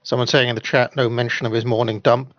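A man's voice: medium pitch, flat delivery, fast, a bit bright, dry recording. A man chatting casually as co-host, reading out the live chat and making wry, rambling asides. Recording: dry lo-fi sound.

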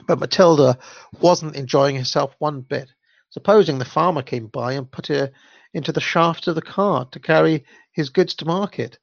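A man reads a children's story aloud in a gravelly voice, unpolished and now and then stumbling over a word. He sounds amused by the text. The recording is dull, dry and lo-fi. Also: on the high side, normal speed, no room sound.

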